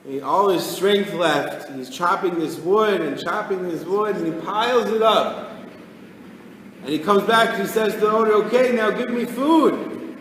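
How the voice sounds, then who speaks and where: A rabbi giving an animated storytelling Torah class, acting out the people in his tale. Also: high-pitched, normal speed, slight background noise. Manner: animated storyteller, acts out characters. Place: study hall. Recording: echoey hall.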